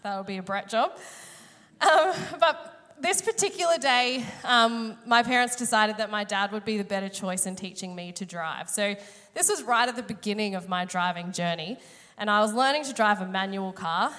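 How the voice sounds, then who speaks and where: A woman's voice: medium pitch, moderate pace, fairly bright tone. A woman, preaching a sermon through a chatty, self-mocking personal story, her voice a little strained today. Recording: long hall reverb.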